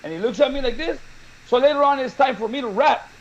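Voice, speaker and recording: Male co-host, high voice, lively laughing storyteller, slightly muffled studio sound. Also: quick pace. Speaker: show co-host. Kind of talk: casual storytelling chat.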